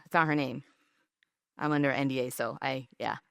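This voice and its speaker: A woman's voice: very deep voice, steady tone, moderate pace, creaky, a bit bright, clear, resonant tone, no echo, clean studio sound. A woman giving a conversational business presentation, telling stories and often checking in with the audience with "right?" and "okay?". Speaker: speaker at a business session.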